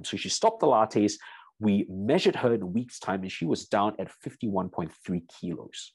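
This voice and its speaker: A man with a somewhat low, husky voice lectures as a strength coach in a seminar. He speaks straight to his listeners and tells a client story in an easy, conversational way. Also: big pitch swings, normal speed, dry recording. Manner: storytelling, addresses audience as "you guys".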